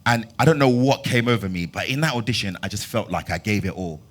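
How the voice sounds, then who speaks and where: A man in his twenties with a London accent, telling his story at a master class in a lively way and acting out dialogue. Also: fairly low pitch, fast. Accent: London English. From London, England. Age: 20s. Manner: animated storyteller who acts out dialogue with bursts of loud laughter. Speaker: actor giving a master class talk. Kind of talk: storytelling talk to an audience.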